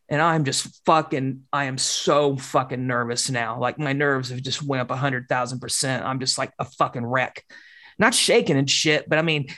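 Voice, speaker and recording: A woman telling a personal story in casual conversation, swearing often and talking in an animated, candid way. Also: rumbling low. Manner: swears constantly, animated, acts out quoted dialogue.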